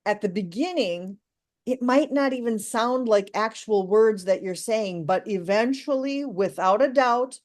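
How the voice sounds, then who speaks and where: Woman English teacher, live online class, unhurried and encouraging. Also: fairly high pitch, darkish tone. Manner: slow, deliberate, encouraging delivery.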